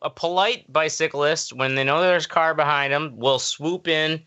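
A man adds wry, teasing remarks in casual banter. His voice is bright and sharp, but the mic sounds dull and lo-fi. His pitch is middling. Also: steady tone, normal speed, clear, resonant tone. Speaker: podcast co-host. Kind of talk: casual chat.

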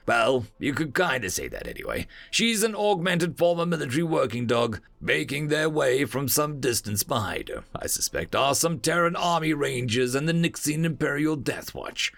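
A man voicing a cold, calm soldier who threatens slowly and flatly. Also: medium pitch, gravelly, no echo, voice pushed up. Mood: menacing. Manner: slow, flat menace.

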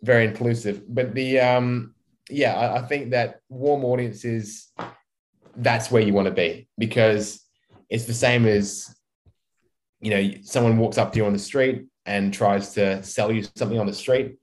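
A man, a marketing expert and guest on a podcast, talking in a relaxed, rambling way and acting out quoted speech. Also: mid-range voice, a little slow. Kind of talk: casual podcast chat.

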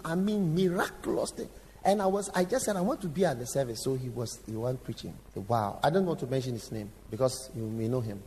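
Male preacher, fairly high voice, animated storytelling with bursts of shouting; long hall reverb, faint noise behind. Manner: animated storytelling with sudden shouts and acted quotes; engaging the audience with direct questions. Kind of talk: sermon.

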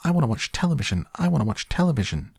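A man doing a squeaky, bratty tiny boy. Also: very animated, very fast, creaky, darkish tone, slightly rough, dry recording, studio quality, heavily acted. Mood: whiny. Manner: shrill, whiny demands. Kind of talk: audiobook character voice.

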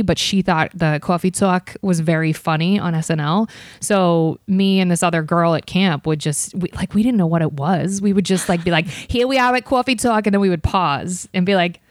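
A woman's voice: on the low side, dry recording, studio quality. A young woman from Ohio chatting as an interview guest, self-deprecating and full of fillers. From Ohio, USA. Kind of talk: casual interview chat.

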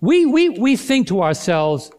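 A man's voice: sits high, very animated, a little slow. Man preaching with rising and falling force. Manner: dynamic preaching, swings between loud and hushed, calls to the congregation. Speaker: pastor. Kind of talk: sermon.

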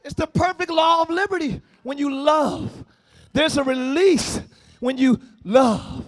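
A man preaching a sermon as pastor, often shouting. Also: very high-pitched, measured pace, no echo, clean studio sound. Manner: shouting, sing-song preaching with call-and-response. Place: church service, before a congregation.

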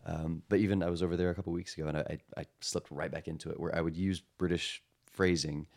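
Very low gravelly-voiced man, chatty guest. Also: fairly even intonation, a little mellow. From Texas. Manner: reflective, self-deprecating, quick to mimic voices. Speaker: podcast guest. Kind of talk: casual chat. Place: room in a house.

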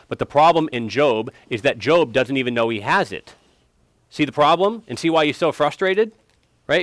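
Bible study teacher, man, quizzes class, emphatic, dry close sound, middle pitch. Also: a bit bright, dry recording. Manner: questioning, emphatic, prods students for answers. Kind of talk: interactive Bible lesson.

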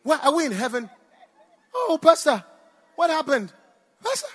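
A man's voice: sing-song, moderate pace, heavily acted. A man voicing a panicked woman church member who shrieks frantic questions, in a long-reverb hall. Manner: high shouted cries, frantic repeated questions.

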